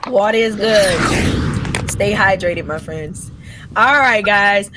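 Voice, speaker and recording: A woman's voice: mid-range voice, slow pace, long pauses, fairly bright tone, dry recording. A young adult woman hosting a casual live podcast, upbeat and teasing, laughing often. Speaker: podcast host.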